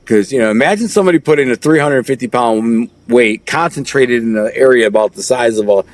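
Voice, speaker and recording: A man's voice: mid-range voice, a little fast, dry recording. A middle-aged man telling his life story in a casual, vivid way, acting out quotes with street slang.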